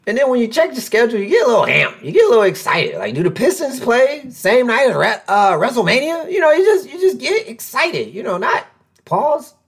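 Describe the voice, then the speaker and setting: A man hosting a casual podcast from a room at home, excitable and joking, with big swings in pitch and loudness. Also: slightly rough. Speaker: podcast host. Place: room at home with a door nearby.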